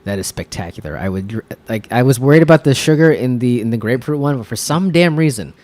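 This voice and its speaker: A man's voice: medium pitch, animated, fast, darkish tone. A man co-hosting a podcast in casual chat, rambling with lots of fillers and restarts. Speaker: podcast co-host.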